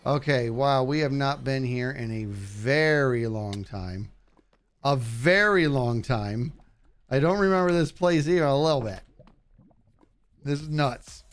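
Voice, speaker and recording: A man streaming a game live, chatting goofily with his viewers as he plays. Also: a little slow. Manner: goofy, talks to chat, jumps high in excitement. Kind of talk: live gameplay commentary.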